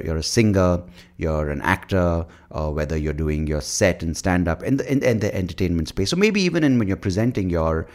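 Deep-voiced man, profane rambling. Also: a little mellow. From India. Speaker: podcast host. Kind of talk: solo podcast rant.

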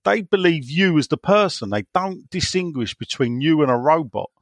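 Blunt bantering man, gravelly voice, dry close sound. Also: a little high, animated, normal speed, no room sound. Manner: blunt, bantering, swears freely. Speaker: podcast co-host. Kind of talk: casual chat.

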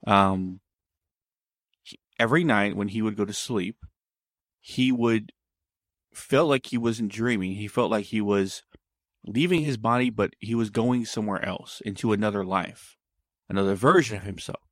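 A man's voice: fairly low pitch, moderate pace, long pauses, dry recording, clean studio sound. A man telling a story in casual conversation, meandering and often backtracking to explain himself.

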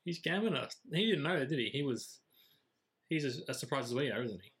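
A man co-hosting a podcast in casual chat, mellow and low-energy with a dry manner. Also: lively intonation, fairly quick. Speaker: podcast co-host.

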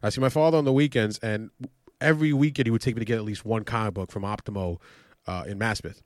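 A man co-hosting a casual sports podcast, an animated storyteller who talks quickly. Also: on the low side, dry recording, clean studio sound. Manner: animated storyteller, quick, acts out relatives' voices. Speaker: podcast co-host.

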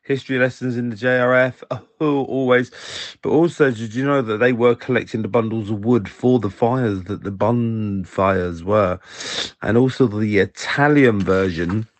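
A man's voice: fairly low pitch, normal speed, dry recording. A man leaving a casual voicemail for a podcast while eating, cheeky and gossipy. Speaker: caller.

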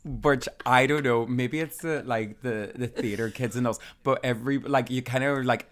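A man's voice: mid-range voice, fairly even intonation, moderate pace, hardly any pauses, fairly bright tone. A man co-hosting a podcast, chatting in a camp, playful, joking way. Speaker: podcast co-host. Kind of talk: casual chat.

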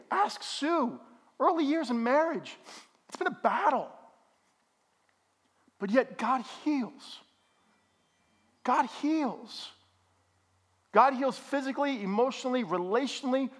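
Lively high-voiced male pastor preaching. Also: takes it slowly, long pauses. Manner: animated, joking with the congregation. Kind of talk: sermon. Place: church.

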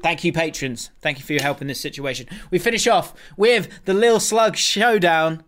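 A man from Surrey hosts a loose podcast chat, his voice sitting a little high. He teases his co-host and callers and reads out listeners' messages in a playful way. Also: normal speed, a bit bright, slight background noise. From Surrey, England.

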